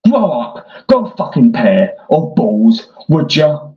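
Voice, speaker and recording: A man delivering a mocking parody rant in a sarcastic, taunting way, swinging between whiny and gruff. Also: a little high, very animated, slow, faint music behind. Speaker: online troll. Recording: echoey dull lo-fi room.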